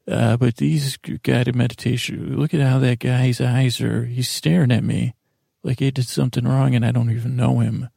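Gravelly, drowsy man rambling on. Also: medium pitch, moderate pace, dry recording, studio quality. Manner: meandering, stammering, with many restarts; drowsy, deadpan. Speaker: podcast host. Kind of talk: rambling bedtime monologue.

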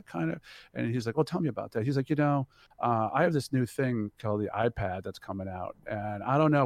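Middle-aged male guest, gravelly and dry, acts out every voice in his story. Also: medium pitch, dry recording. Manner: swears freely, laughs between lines. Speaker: guest telling a business story. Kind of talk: animated anecdote.

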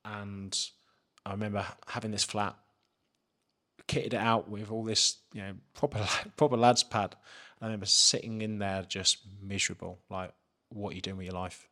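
A man's voice: fairly low pitch, fairly even intonation, moderate pace, pushed and bright. A man, a podcast guest telling a candid personal story and swearing freely. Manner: frank, swears freely, acts out his own inner questions.

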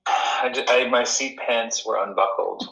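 A man's voice: medium pitch, unhurried, gravelly, pushed and bright, reverberant, rough recording. A man who is a guest on a podcast, talking over a video call in a goofy, self-mocking and joking way. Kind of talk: casual podcast chat.

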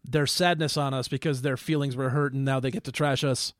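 A man's voice: medium pitch, fairly even intonation, brisk, dry recording, clean studio sound. A young man co-hosting a casual podcast, blunt and opinionated with a self-mocking streak. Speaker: band member and podcast co-host. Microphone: studio microphone.

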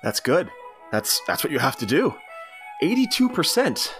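A man's voice: fairly high pitch, huge pitch swings, moderate pace, a bit bright, faint music behind. A man voicing a middle-aged college dean who is easily won over, speaking in an approving, matter-of-fact way.

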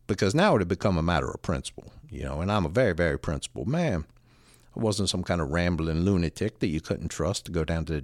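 A man casually telling a personal story, animated and salty, with frequent restarts. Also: deep voice, no room sound, clean studio sound.

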